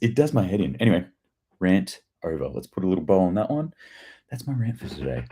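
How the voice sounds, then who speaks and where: Low-voiced man ranting. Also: big pitch swings, brisk, mellow, breathy edge. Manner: profane, ranting, sarcastic asides. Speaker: host of a daily news commentary show. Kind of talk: casual livestream commentary and rant.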